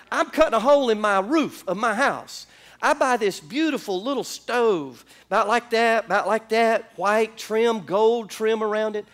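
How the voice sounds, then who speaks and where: A man from Florida preaching a sermon, telling a story with animated bursts and calls to the congregation in a church. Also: high voice. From Orlando, Florida. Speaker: pastor. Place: church sanctuary.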